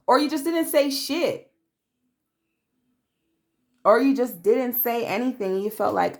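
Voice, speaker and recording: A woman with a voice on the high side gives a tarot reading to camera at a moderate pace. She's blunt, profane and streetwise, calling the listener babe and acting out quoted voices.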